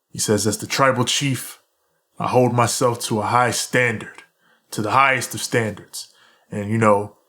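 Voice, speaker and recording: Laughing man recapping wrestling. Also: mid-range voice. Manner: laughs often, animated retelling with quoted lines. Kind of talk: casual podcast chat.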